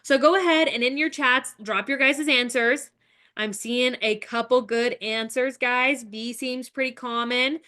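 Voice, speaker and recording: A woman's voice: a little high, measured pace, sharp tone. A young woman, a nurse, teaching a live webinar in a chatty, encouraging way, talking straight to her viewers. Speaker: nurse educator hosting a webinar.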